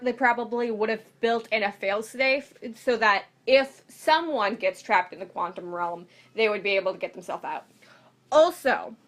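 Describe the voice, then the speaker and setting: A young woman chatting casually about a movie trailer, talking in excited tangents full of "like". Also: fairly high pitch. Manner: chatty, lots of "like", animated tangents. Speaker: movie fan co-host. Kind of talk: casual chat.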